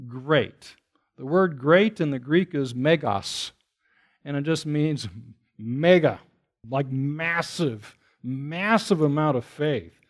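A man preaching a sermon, explaining Greek words conversationally and rising to emphatic bursts as he retells scripture. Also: a little high. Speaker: pastor.

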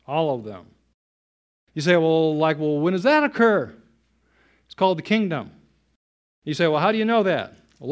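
High-voiced emphatic male preacher. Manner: emphatic, reads scripture slowly. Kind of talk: expository sermon.

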